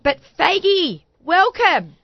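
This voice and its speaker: A woman's voice: very high voice, sing-song, slow pace, dull audio. A woman hosting a studio talk show, chatty and bubbly, often talking over her guests. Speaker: host.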